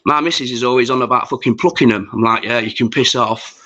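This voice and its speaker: A man's voice: mid-range voice, fast talker, sharp tone, muffled recording. A man, chatting casually and swearing freely while hosting a livestream. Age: 40s. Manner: rambling, sweary, chatty with viewers. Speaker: livestream host.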